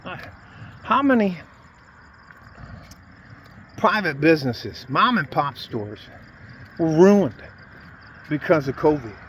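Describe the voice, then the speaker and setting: A man's voice: on the high side, sing-song, slow, long pauses, a bit bright, slight background noise. Heated, swearing man ranting to camera. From United States. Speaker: video blogger. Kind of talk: angry political rant to camera.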